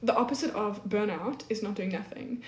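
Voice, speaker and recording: Reading the chat aloud as she goes, a livestream host in her twenties keeps things chatty and sprinkles her speech with "like." She speaks a little fast in a mid-range voice, and the room is echoey.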